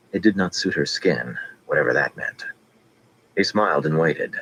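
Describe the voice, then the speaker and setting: A man narrating a fantasy audiobook with steady, measured reading. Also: rumbling low, slight background noise, rough recording.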